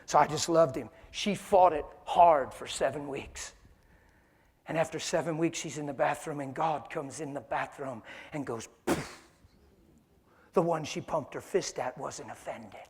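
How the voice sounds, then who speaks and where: Animated, high-pitched male preacher. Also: normal speed, husky, big-room sound. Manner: animated storytelling, laughs often. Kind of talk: sermon.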